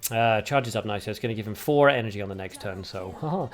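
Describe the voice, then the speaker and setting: A man's voice: fairly low pitch, fast talker. A man hosting a livestream, commentating a card game tournament play by play while joking with viewers in chat. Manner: chatty and jokey, banters with viewers. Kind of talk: live game commentary mixed with chat replies.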